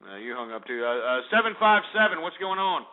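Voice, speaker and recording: A man's voice: a little high, sing-song, fast talker, phone-quality sound. A male radio talk show host ranting at callers in a profane, combative way. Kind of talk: call-in talk radio rant.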